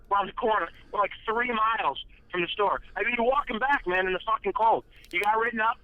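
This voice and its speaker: A man guesting on a podcast, telling profane, lively anecdotes in casual chat. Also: high-pitched, quick pace, few pauses, dry recording, narrow, tinny audio.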